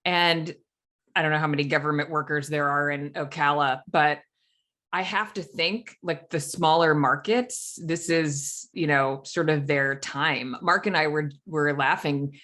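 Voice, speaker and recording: A woman hosting a podcast interview, chatty and quick to laugh. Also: low-pitched, fairly even intonation, fairly bright tone. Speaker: podcast host. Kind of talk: conversational interview.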